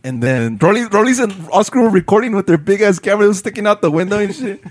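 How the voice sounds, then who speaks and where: A man's voice: high voice, animated, fast talker, darkish tone, dry recording. A man telling a story in a casual, slangy chat, swearing and laughing often.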